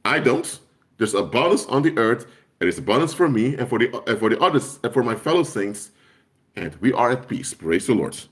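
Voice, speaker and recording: A man's voice: medium pitch, big pitch swings, normal speed. A man preaching on a live stream in an impassioned way, hammering home points by repeating phrases. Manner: emphatic, repeats key phrases for force.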